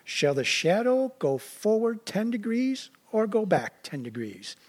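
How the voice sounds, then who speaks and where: A man's voice: high-pitched, very animated, unhurried, slightly rough. A man preaching a sermon in a loose, conversational way, full of asides and restarts.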